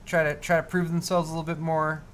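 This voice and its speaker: A man's voice: fairly high pitch, level tone, fast talker, slight background noise. Rambling, jokey man on a live tech show. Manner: rambling and jokey, with many fillers and restarts. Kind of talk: casual live-stream banter.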